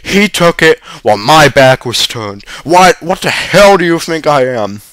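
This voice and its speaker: A man's voice: on the high side, lively intonation, a little slow, fairly bright tone, dry recording, pitched above the performer's own voice. A man playing a whining, self-pitying father. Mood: defensive whining. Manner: hissing, whining, defensive. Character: sheepish, self-pitying father caught drinking.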